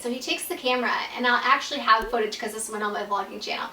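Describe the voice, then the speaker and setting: A woman's voice: fairly high pitch, fast, hardly any pauses, sharp tone, far from the mic. A young woman telling a casual storytime to her vlog audience, peppering every phrase with "like" and swearing freely. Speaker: YouTuber telling a personal story. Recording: roomy echo, voice set back from the mic.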